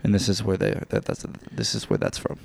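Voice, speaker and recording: Joking young podcast co-host. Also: male voice, sits low, very animated, gravelly, a little mellow, no echo. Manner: quick joking interjections. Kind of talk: casual beer-tasting chat. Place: home studio.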